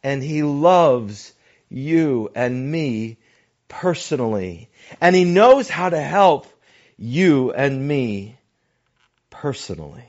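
A pastor preaching a sermon, slow and deliberate, often dropping his voice to a hushed near-whisper for emphasis. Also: mid-range voice, animated. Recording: dull lo-fi recording.

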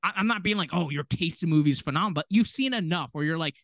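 A man's voice: on the high side, racing, few pauses, no room sound, studio quality. A young man co-hosting a podcast, chatting casually and acting out quotes in little voices. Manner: animated, puts on voices when quoting people. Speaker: podcast co-host. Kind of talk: casual chat.

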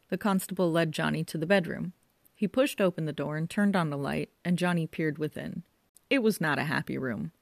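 Woman audiobook narrator, lowish voice, dry studio sound. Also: fairly quick, creaky, no room sound.

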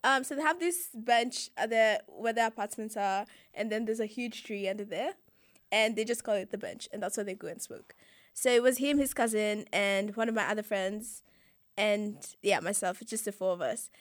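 A woman's voice: medium pitch, normal speed, no echo, clean studio sound. A young woman casually telling a long story, laughing often and acting out what people said. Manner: animated storytelling, laughs often, acts out quoted voices. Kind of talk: casual chat.

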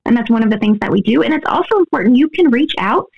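Gravelly-voiced woman explaining earnestly. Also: on the high side, animated, quick pace, narrow, tinny audio. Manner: earnest, explanatory, often adds "right?". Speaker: guest expert. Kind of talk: interview answers.

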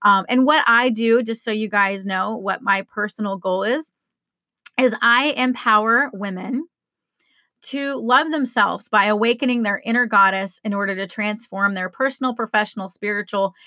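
A woman's voice: medium pitch, bright, forceful tone, dry recording. A woman hosting her own podcast as a life coach, talking casually and enthusiastically to listeners. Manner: upbeat, enthusiastic, spells things out slowly.

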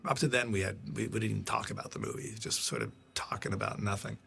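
A man's voice: on the low side, fairly even intonation, fast, vocal fry, sharp tone. A man producing films, telling rambling, profane stories in a casual commentary and stopping to react to scenes on screen. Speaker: film producer giving commentary. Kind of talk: casual anecdotal audio commentary.

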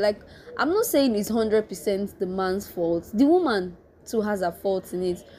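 Nigerian woman, twenties, warm mellow voice, laughing storyteller, casual chat. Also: medium pitch, a little hiss or hum. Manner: animated, laughs often, frequent restarts.

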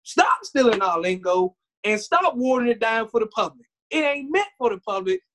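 A woman co-hosting a podcast, full of animated storytelling. She slips into other people's voices to act out everyday scenes, then returns to her casual chat. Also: a little high, moderate pace. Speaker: podcast co-host.

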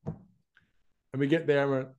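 A man's voice: medium pitch, takes it slowly. A young man from Florida with a mixed American and Australian accent, chatting casually as an interview guest. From United States, Florida. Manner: relaxed, chatty, says "man" and "like" a lot. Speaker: guest, YouTube advertising specialist.

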